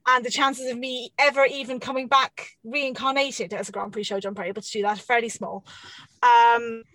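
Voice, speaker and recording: A woman telling horse-riding stories in casual chat, swearing freely and animated. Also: fairly high pitch, moderate pace, no room sound.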